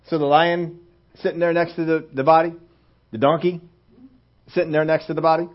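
A male pastor preaches in a chatty, folksy way and keeps acting out little scenes with humor. His voice sits a little high. The recording is dull and lo-fi. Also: flat delivery, brisk. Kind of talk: conversational sermon.

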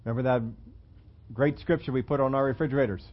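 A pastor with a medium-pitched voice and fairly even intonation talks fast through a conversational sermon. He jokes at his own expense and asks the congregation questions. The recording is dull, lo-fi sermon audio.

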